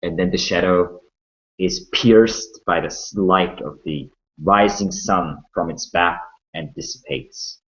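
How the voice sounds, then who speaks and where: A man narrating a tabletop game as game master, calm and descriptive with some fillers, on a muffled lo-fi recording. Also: deep voice, slow.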